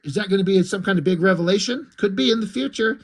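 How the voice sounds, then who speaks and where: A man casually reacting to a comic as he reads it, rambling with plenty of likes and ums. His voice is high for a man. He sounds amused and easygoing. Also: quick pace. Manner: rambling, amused, lots of fillers. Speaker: comic reviewer. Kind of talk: casual comic read-through.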